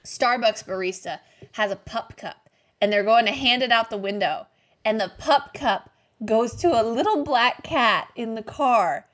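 A woman's voice: a little high, unhurried, a bit bright. Chatty woman co-hosting a podcast. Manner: chatty storyteller, checks in with "okay?". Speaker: podcast co-host. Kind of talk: casual chat.

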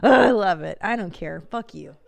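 A woman in her forties hosting a podcast in casual chat, blunt and profane with an animated delivery. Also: fairly low pitch, fairly quick, creaky, no room sound. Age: 40s. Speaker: podcast host.

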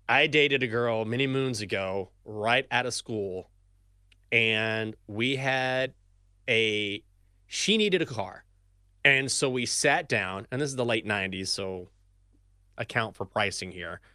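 Animated man telling a story on a podcast. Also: mid-range voice, slow pace, clear, resonant tone, dry recording, clean studio sound. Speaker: sports betting podcast co-host. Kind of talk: casual storytelling chat.

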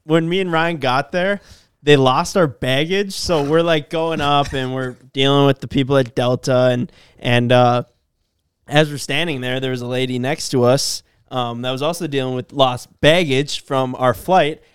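Smooth-voiced man telling a story. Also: mid-range voice, fairly even intonation, moderate pace, dry recording, clean studio sound. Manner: storytelling, acts out quoted people. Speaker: podcast co-host. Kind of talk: casual chat.

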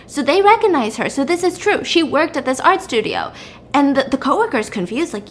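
A woman's voice: sits high, very animated, brisk, slight background noise. Chatty woman recapping a story. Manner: chatty, blunt, frequent "like".

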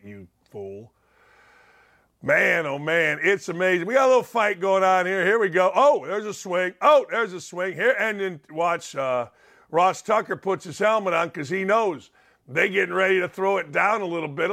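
A man hosting a sports talk show, delivering a sarcastic, heated commentary rant with bursts of shouting. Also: on the high side.

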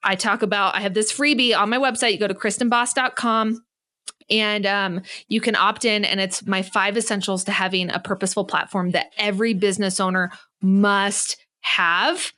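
A woman's voice: medium pitch, steady tone, moderate pace, bright, forceful tone. Female business coach guest; emphatic, preachy motivational delivery. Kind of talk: podcast interview.

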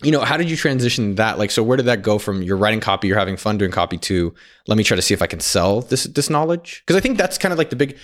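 A quick-talking man with a lower voice hosts a relaxed conversation. He asks curious follow-ups and thinks out loud. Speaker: podcast host. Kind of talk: casual interview chat.

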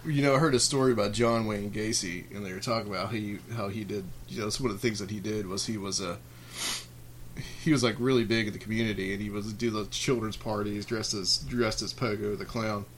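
A man's voice: on the low side, fairly even intonation, fairly quick, fairly bright tone, slight background noise. A man hosting a podcast, reading out a list of creepy clown stories and then chatting loosely with many fillers. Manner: reads list items, then rambles with fillers and restarts. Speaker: podcast host.

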